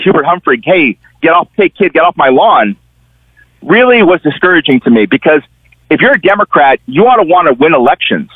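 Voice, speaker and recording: A man's voice: a little high, no echo. Man on a tinny phone line. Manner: animated storyteller, acts out quoted people. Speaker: columnist guest. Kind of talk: conversational political commentary.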